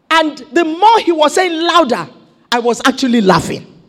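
Lively Nigerian woman pastor preaching. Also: high-pitched, measured pace, pauses often. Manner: exuberant preaching, rising to shouted declarations. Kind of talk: sermon.

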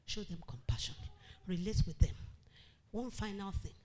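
A woman pastor preaching a sermon to a congregation, animated, acting out quotes and calling out loudly. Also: medium pitch, moderate pace.

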